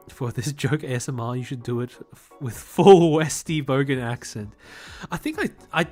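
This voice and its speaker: Young man, polished Australian accent, casual stream chatter, animated mid-pitched voice, faint music behind. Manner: rambling, laughs often, repeats words as he starts sentences; very careful, crisp enunciation. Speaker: livestreamer. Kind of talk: casual livestream chat, reading chat.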